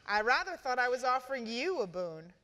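A woman reading the lines of a cruel, amused fairy queen in a cool, measured, soft voice. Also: a little high, very animated, big-room sound, voice pushed up.

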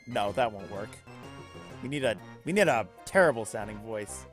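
A man rambles through casual gameplay commentary, tossing in goofy, self-mocking asides. His pitch is animated and bouncy. Faint game music runs underneath. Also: normal speed. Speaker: let's play gamer.

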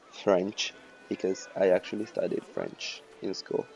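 Gravelly, rambling let's play guy. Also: low-pitched, little pitch movement, unhurried, a little mellow, highs cut off, soft background music. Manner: rambling, profane, self-mocking. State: hoarse. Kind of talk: casual game commentary.

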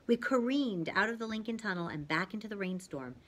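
A woman reading a novel aloud as a reader for her channel, narrating lively and dramatically, dropping at times to a soft hush. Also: medium pitch, fairly quick.

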